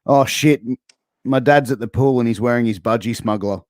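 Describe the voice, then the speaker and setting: A man's voice: medium pitch, a little fast, no echo, studio quality. Playful Australian man hosting. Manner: playful, swears casually. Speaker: host. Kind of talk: casual interview game.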